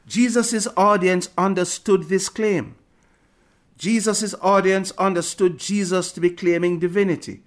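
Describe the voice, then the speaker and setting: A man delivers a sermon in a measured, emphatic preaching manner. His voice sits a little higher than most men's. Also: fairly even intonation.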